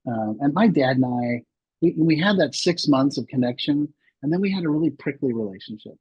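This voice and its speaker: A man's voice: medium pitch, expressive, brisk, husky, no room sound, muffled recording. A man in his sixties telling personal stories as a podcast guest, rambling with many restarts and fillers. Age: 60s. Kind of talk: candid interview storytelling.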